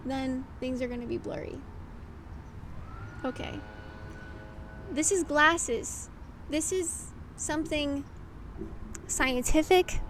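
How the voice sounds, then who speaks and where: A woman's voice: sits high, a little hiss or hum. A young adult woman, a video creator, talking candidly to camera in a rambling, reflective way, full of "like" and the odd swear word. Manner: rambling and candid, heavy use of "like", casual swearing. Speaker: YouTube creator. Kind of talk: reflective casual monologue to camera.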